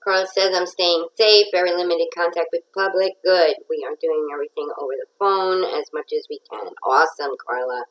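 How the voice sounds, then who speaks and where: A woman's voice: fairly low pitch, moderate pace, hardly any pauses, low-quality recording. A nasal woman hosting a casual craft livestream, chatting and greeting viewers by name.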